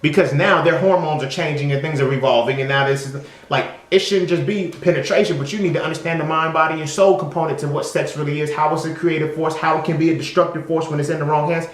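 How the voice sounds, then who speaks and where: A man's voice: on the high side, steady tone, quick pace, few pauses. A man giving a casual, profane opinion monologue as a vlogger, emphatic and conversational, and he keeps asking "you feel me?". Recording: echoey room.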